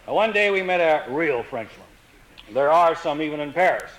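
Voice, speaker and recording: Guy spinning funny stories, dry deadpan delivery, pretty high voice, faint hum behind. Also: moderate pace, poor audio. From Canada. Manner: dry, wry, deadpan asides. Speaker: humorist. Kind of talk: comic storytelling.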